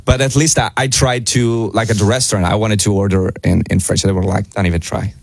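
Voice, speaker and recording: A man with an Italian accent, speaking English as a second language, tells stories as a guest on a radio show. His voice sits low and sounds dry and close, and he laughs easily as he talks. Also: fairly quick, breathy edge, dry recording. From Italy. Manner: laughing, animated storytelling. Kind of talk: casual radio chat.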